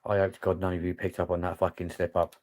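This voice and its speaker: A man's voice: deep voice, completely flat delivery, fast, heavy background noise. A young English man vlogging live while walking outdoors at night, chatty, self-mocking and swearing often, filming on his phone at arm's length. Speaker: vlogger hosting a live stream. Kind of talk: casual live-stream chat while walking. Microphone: phone camera at arm's length.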